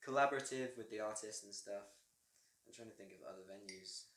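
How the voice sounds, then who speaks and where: A man in a band talks in a relaxed, rambling way and often trails off mid-thought. His voice sits fairly low but has a bright, forward edge, and it echoes around the room. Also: brisk. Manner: laid-back, rambling, trails off. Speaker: musician guest. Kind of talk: casual chat.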